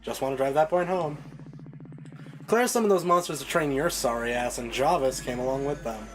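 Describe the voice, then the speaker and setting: A man's voice: mid-range voice, normal speed, natural voice, rough recording. A man voicing a cruel mirror double of a young woman, talking in a sarcastic, taunting manner. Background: game soundtrack music.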